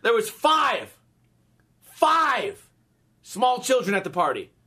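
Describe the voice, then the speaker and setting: Man in his thirties, high pitched, bright voice, comic storytelling, profane exasperated rant. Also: wildly swooping pitch, normal speed, breathy edge.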